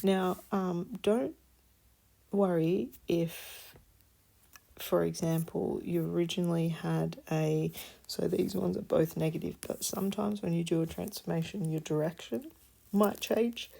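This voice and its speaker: A tired woman works through a maths example at an unhurried pace. Her low voice is gravelly and a little husky. She explains patiently and murmurs under her breath as she reads figures. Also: warm tone. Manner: slow, patient explaining, drops to murmurs while reading numbers. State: tired, yawning. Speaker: maths teacher. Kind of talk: worked-example maths lesson.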